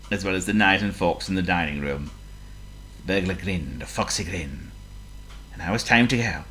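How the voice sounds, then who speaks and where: A woman reading a children's story aloud, expressive and playful, asking the listener questions. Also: extremely low pitch.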